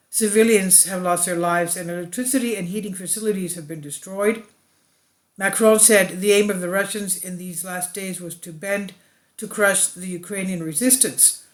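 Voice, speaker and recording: A woman commentator reading a translated news article aloud and breaking off into hesitant, animated personal remarks. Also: medium pitch. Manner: hesitant, with frequent uh and restarts in her own remarks.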